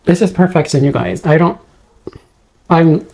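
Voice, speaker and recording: This unboxing vlogger is thrilled, her gushing, awestruck speech trembling with excitement as her words keep slipping away. She talks a little slowly in a somewhat low, mellow, soft-edged voice.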